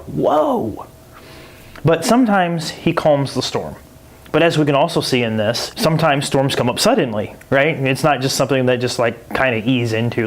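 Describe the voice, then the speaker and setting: Male podcast host, mid-pitched voice, casual animated Bible teacher who acts out the characters. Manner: animated storytelling, acting out quoted voices in a jumpy high pitch; loose and conversational, with many 'like' and 'kinda'.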